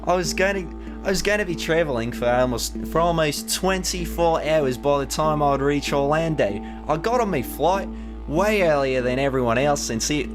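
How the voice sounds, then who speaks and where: A man's voice: a little high, normal speed, over music, pitched above the performer's own voice, natural voice. A man doing a tired Australian traveler. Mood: weary. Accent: put-on Australian.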